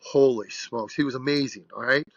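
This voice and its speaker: A man's voice: medium pitch, steady tone, normal speed, dry recording, dull audio. A man in his sixties, a strength coach being interviewed, telling stories bluntly and with animation. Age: 60s. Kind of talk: podcast interview storytelling.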